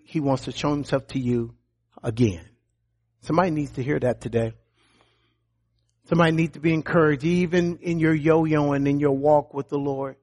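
A man preaching a sermon as pastor, emphatic, often repeating words and dropping to quiet low lines. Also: normal speed, long pauses.

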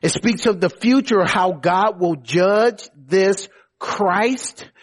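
High-voiced animated male preacher. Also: slow pace. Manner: animated preaching, rising to shouts when worked up; stammers and restarts often. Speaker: pastor. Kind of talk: sermon.

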